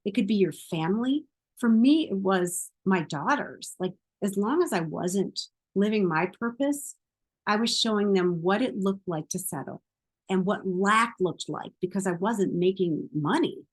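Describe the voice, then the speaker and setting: A woman's voice: medium pitch, expressive, a little slow, husky. A woman as a self-help coach, earnest, encouraging, chatty, mid-range voice. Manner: talks straight to the listener with many "like"s. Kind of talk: guided self-help lesson.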